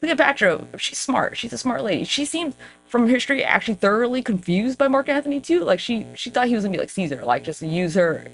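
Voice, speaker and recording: A woman hosting a podcast in a casual, rambling monologue, swearing freely and jumping up in pitch for emphasis. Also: very animated, brisk, vocal fry, slight background noise. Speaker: podcast host.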